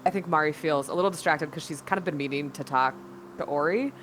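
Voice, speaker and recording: A woman's voice: low-pitched, fast, a bit bright, slight background noise. A woman playing a tabletop game, chatting and giggling with the group. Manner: giggly, bubbly. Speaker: player. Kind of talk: casual play at a tabletop game.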